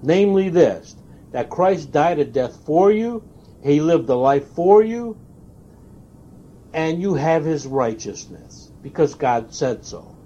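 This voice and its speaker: Man preaching, leans hard on words, lively up and down voice, kinda dull lo-fi tape sound. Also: fairly high pitch. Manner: emphatic, stressing single words with long pauses. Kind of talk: recorded sermon.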